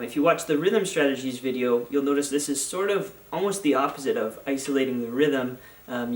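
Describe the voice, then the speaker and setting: A man's voice: mid-range voice, far from the mic. A male music teacher explaining practice strategies in a patient, instructional way, often using fillers as he counts off and chants note names. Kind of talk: instructional video lesson. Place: school band room. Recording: echoey room, off mic.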